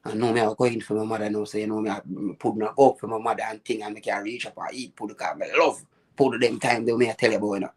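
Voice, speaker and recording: A man with a Jamaican accent hosting a live chat, telling lively stories about his childhood in patois and acting out the people he quotes. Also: lowish voice, fast talker, breathy edge. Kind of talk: casual storytelling chat.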